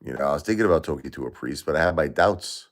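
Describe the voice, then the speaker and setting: A man's voice: rumbling low, expressive, racing. A middle-aged man hosting a livestream, talking emotionally to viewers and repeating himself as he grieves. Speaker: livestream host.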